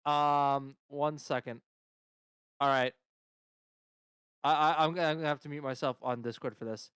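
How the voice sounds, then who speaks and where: A man's voice: on the high side, fairly even intonation, normal speed, a bit bright, clear, resonant tone, no room sound, clean studio sound. A man with a cold on a voice call with a streamer, joking around and playfully hyping the chat. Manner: playful hype-man teasing. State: has a cold.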